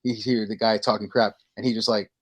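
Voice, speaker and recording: A man co-hosting a casual podcast, telling stories with lively energy and acting out lines in quick bursts. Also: fairly low pitch. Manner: animated storytelling, acting out movie lines. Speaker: podcast co-host. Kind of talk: casual chat.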